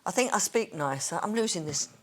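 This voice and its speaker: Chatty woman in her sixties, softened Cockney. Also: lowish voice, lively intonation, a little fast. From East London. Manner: chatty, acts out quoted voices. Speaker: interview guest, singer and TV presenter. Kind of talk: casual interview storytelling.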